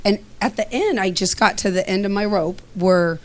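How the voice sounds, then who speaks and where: A middle-aged woman shares a personal story in a loose, chatty way. Her voice sits at an ordinary middle pitch. She is animated, acts out what each person said and often breaks into laughter. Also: moderate pace. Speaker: student giving a testimonial.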